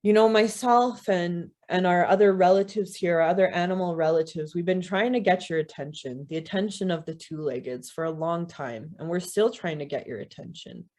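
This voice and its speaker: A woman's voice: fairly low pitch, normal speed, hardly any pauses, darkish tone, close to an everyday voice. A woman voicing a wise male crow spirit who earnestly urges people back to their teachings, in a conversational storytelling voice. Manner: earnest, urging, conversational with "you know".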